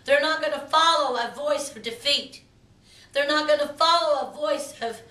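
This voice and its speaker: Woman, minister, sermon, emphatic cadence, very slow, bright tone. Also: high voice, roomy sound, far from the mic.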